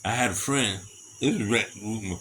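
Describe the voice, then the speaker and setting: A middle-aged man telling stories in a casual monologue, animated and chuckling often between them. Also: on the low side, moderate pace, slight background noise, low-quality recording. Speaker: storyteller.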